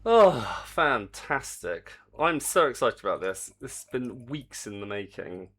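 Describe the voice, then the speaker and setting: A man's voice: mid-range voice, very animated, a little slow, a bit bright, husky. Chatty older man streaming. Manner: chatty, reads chat aloud, mild swearing. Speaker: game developer streaming live. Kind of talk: casual live-stream chat.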